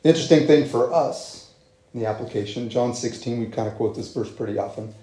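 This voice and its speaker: A man preaching a sermon in a relaxed, conversational way, with frequent fillers and rhetorical asides. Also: medium pitch, brisk, echoey room. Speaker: pastor.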